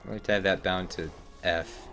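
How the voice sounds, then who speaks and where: A man with a fairly low voice gives relaxed, wry commentary while playing a game. He talks to himself and to the characters on screen in an offhand, chatty way. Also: normal speed, faint music behind. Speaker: streamer. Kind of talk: casual gameplay commentary.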